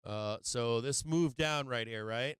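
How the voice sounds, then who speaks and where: A man's voice: mid-range voice, slow pace, smooth, dry recording. A man hosting a live stock-trading stream, brash and profane, swinging between muttering and fired-up outbursts while he explains his trades. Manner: profane, brash, excitable trash talk. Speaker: livestream trading host. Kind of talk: live market commentary.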